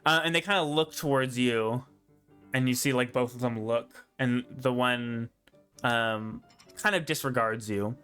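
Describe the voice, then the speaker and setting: A man narrating as game master in a relaxed, rambling way that keeps circling back on itself. His voice is bright and forceful at a mid pitch, and faint music plays underneath. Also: a little slow, smooth. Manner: relaxed, rambling, full of fillers and laughs.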